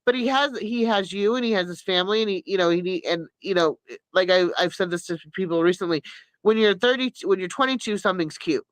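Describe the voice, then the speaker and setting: A woman's voice: medium pitch, brisk, dry recording, rough recording. Middle-aged woman streamer rambling and confiding, keeps restarting sentences, dead dry sound. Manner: rambling, frequent restarts and self-corrections. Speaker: YouTube live streamer. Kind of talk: candid personal chat.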